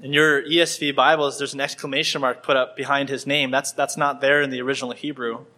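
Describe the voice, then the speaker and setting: Bright-voiced man preaching a sermon. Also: mid-range voice, little pitch movement, fast. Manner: acts out scenes with small shifts of voice, repeats words. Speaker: pastor.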